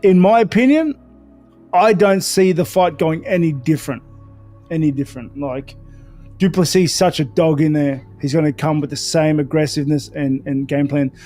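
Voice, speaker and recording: A man's voice: a little high, normal speed, warm tone, faint music behind. A man giving a casual fight prediction, persuasive and checking in with his listener.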